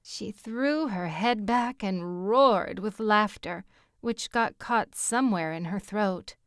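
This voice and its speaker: A woman narrating an audiobook in a measured, even storytelling manner on a close mic. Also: mid-range voice, no echo. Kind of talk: scripted narration.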